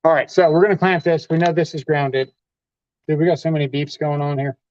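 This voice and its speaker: A man's voice: fairly high pitch, steady tone, a little fast, a little mellow, no room sound. A man hosting a live tool demonstration, talking casually while he handles his gear. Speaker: host demonstrating tools. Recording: dull lo-fi livestream audio.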